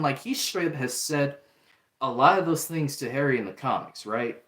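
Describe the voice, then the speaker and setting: A man talks through a show review in a loose, chatty way, full of fillers and restarts. His pitch sits in the middle. The room around him gives a noticeable echo. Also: expressive, moderate pace, fairly bright tone. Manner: chatty, many fillers and restarts, acts out quotes. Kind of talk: casual review talk. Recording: roomy echo.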